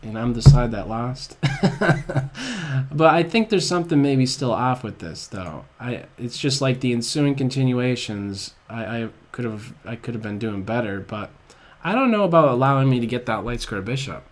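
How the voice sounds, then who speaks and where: A man giving live commentary on his own blitz chess game, excitable and groaning at his own blunders, at a desk microphone. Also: mid-range voice, moderate pace.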